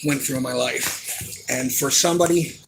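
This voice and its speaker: Gravelly, profane man in his forties venting. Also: mid-range voice, normal speed, background noise. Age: 40s. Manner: angry, profane, rambling with many fillers. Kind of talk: emotional venting monologue.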